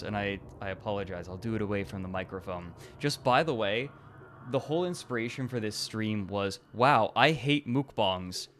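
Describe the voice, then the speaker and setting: A man's voice: lowish voice, fairly bright tone, a little hiss or hum. A man hosting a casual livestream, rambling and chatty and laughing often. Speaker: stream host. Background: faint music.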